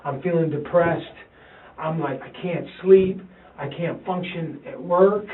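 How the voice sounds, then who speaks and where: Distressed father, stammers and repeats himself, taped in an interview room, tinny and far off. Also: a little high. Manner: halting, repeats himself, quotes his sons. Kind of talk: police interview recording. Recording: tinny, roomy, distant interview-room recording.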